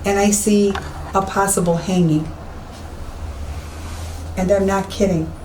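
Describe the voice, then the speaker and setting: A psychic medium speaks slowly in a medium-pitched, slightly mellow voice with fairly even intonation, describing her walk through a deserted old police station. She is emphatic and often repeats herself. The room sounds echoey, with faint hiss behind her.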